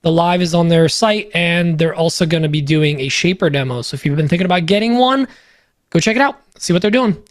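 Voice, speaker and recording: Man, native Polish speaker, high voice, dry close sound; upbeat, jokey sponsor read. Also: fairly quick, no echo. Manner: upbeat, joking, loose with fillers. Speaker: podcast co-host reading sponsor spots. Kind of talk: casual ad read on a podcast.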